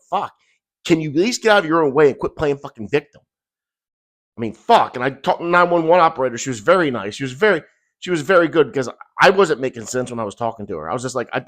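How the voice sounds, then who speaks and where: A middle-aged man tells a frightening story in a raw, profane, agitated rush. His voice sits in an ordinary middle pitch and swings between tense bursts and low, heavy stretches. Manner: profane, agitated, intense retelling. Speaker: rideshare driver. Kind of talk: emotional first-person storytelling.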